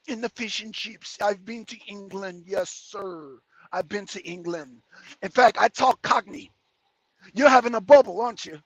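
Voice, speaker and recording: A man's voice: sits high, no room sound. A man who drives trucks, chatting casually and rambling through viewer comments while he drives. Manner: rambling, joking, answers chat comments between driving remarks. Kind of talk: casual livestream chat while driving. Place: cab of a heavy truck on the road.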